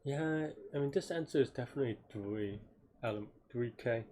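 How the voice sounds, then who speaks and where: A weary man mutters his way through a coding problem, stopping and restarting as he questions his own ideas. His voice sits at an ordinary middle pitch, and he sounds drowsy and unhurried as he thinks aloud. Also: mellow, a little hiss or hum. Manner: halting, self-questioning, many restarts and trailing off. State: tired, yawning. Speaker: programmer solving a coding problem live.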